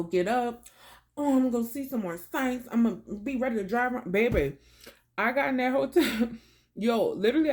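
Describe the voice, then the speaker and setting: A woman chats casually to camera in a storytelling vlog. She talks in a relaxed, slangy way, calling her viewers baby and y'all. She eats her meal between stories. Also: medium pitch. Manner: eating while talking. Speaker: vlogger.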